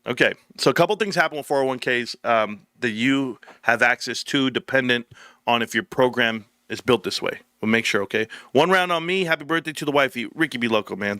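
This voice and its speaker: A man's voice: mid-range voice, pushed and bright, dry recording. A man hosting a casual livestream, reading comments and telling loose, profane stories with frequent laughter. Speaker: livestream host.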